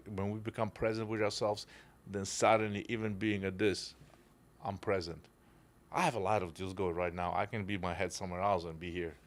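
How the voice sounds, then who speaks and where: A middle-aged man with a Polish accent who speaks Polish as his first language, telling stories as a podcast guest in blunt, emotional, broken English with some swearing. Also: on the low side. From Poland. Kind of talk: casual chat.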